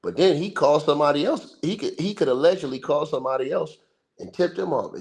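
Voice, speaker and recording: A man's voice: a little high, very animated, fairly quick, darkish tone. A man hosting a livestream, giving casual sports commentary in an emphatic, slangy, repetitive way. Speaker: livestream host. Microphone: livestream mic.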